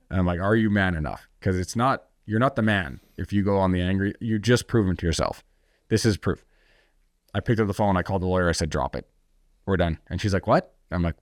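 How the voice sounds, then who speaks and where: A fast-talking American man with a low voice gives candid storytelling as a podcast guest in conversation. He comes across blunt and intense, swearing freely and restarting sentences often, in studio-quality audio without room sound.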